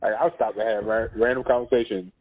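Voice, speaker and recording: A man with a low, husky voice tells stories in a laid-back way and laughs often. He is a school counselor and a guest on a casual podcast. The audio is narrow and phone-like. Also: steady tone, fast.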